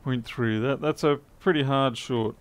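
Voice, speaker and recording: Narrating a live repair stream, a man who works as an electronics repair technician mutters through a circuit board fix, methodically thinking out loud. His voice sits in the mid range and moves a little slowly.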